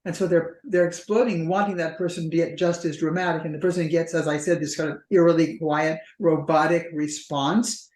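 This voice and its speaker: A woman's voice: sits low, fairly even intonation, a little fast, hardly any pauses, darkish tone. Woman therapist in an echoey room. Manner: acts out partners' voices in quoted dialogue. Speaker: couples therapist. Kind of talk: conversational interview explanation. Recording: roomy echo.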